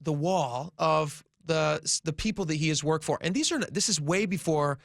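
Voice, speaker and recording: Man, forties, radio host, casual rambling storyteller, higher pitch, dry studio sound. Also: normal speed, gravelly, fairly bright tone, dry recording. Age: 40s. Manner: rambling anecdotal storyteller, many fillers.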